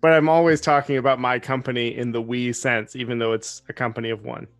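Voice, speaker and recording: A man's voice: medium pitch, level tone, fast talker, no echo, studio quality. A man playing in a tabletop game, casual and joking, often laughing. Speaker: player.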